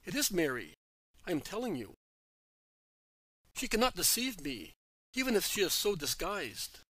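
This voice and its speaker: A man reading as an excited Greek onlooker. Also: high voice, moderate pace, husky, no echo, exaggerated voice. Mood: insistent. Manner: insistent, calling out.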